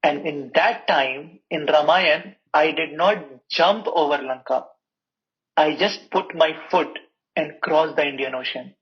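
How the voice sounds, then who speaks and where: Man doing a huge serene elder monkey god, calm explaining, muffled lo-fi sound. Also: a little high, measured pace. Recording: muffled lo-fi recording.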